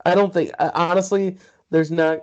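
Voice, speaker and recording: A man's voice: high-pitched, fairly even intonation, moderate pace, muffled recording. A man co-hosting a podcast in laid-back casual chat, laughing often and quoting others. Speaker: podcast co-host.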